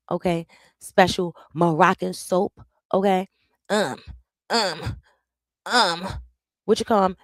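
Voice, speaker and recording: A woman hosting a casual live discussion, animated and repeating herself as she reacts and shares her screen. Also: medium pitch, no room sound. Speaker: host.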